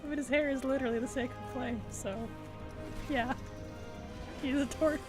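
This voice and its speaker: A man streaming a video game, chatting in a playful, giggly and animated way. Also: extremely high pitch, moderate pace, over music. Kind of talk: casual gaming stream chat.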